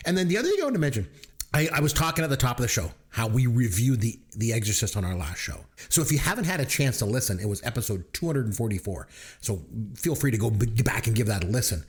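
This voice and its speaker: A man's voice: mid-range voice, very animated, quick pace. A Canadian man with a Canadian accent, co-hosting a podcast in casual chat, joking and laughing often. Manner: jokey, laughs often, tells dad jokes. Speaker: podcast co-host.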